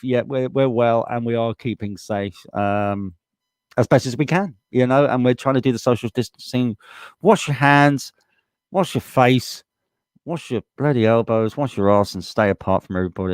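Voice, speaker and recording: A man's voice: medium pitch, darkish tone, no room sound, studio quality. A man with a British accent hosting a live stream, reading out viewer comments in a casual, blunt way and swearing freely as he gets heated. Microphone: desktop USB microphone.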